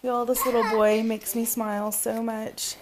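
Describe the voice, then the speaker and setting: A woman in her thirties chatting candidly to the camera at home, soft and rambling with lots of fillers, sometimes dropping to a near-whisper. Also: a little high, little pitch movement, unhurried, background noise. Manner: drops to a hushed near-whisper at times. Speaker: family vlogger, mother. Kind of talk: casual to-camera vlog chat. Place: home, indoors.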